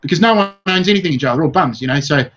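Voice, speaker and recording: A man's voice: fairly high pitch, animated, very fast, a bit bright. Blunt Australian man, rambling and swearing. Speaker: guest comedian. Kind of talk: casual interview chat. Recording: dull lo-fi sound.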